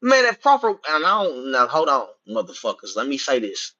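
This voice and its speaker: A man, profanely ranting about boxing to his livestream chat, swinging between loud outbursts and muttered asides. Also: mid-range voice, wildly swooping pitch, normal speed. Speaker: boxing commentator streaming to chat. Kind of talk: casual livestream rant. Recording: dull lo-fi stream audio.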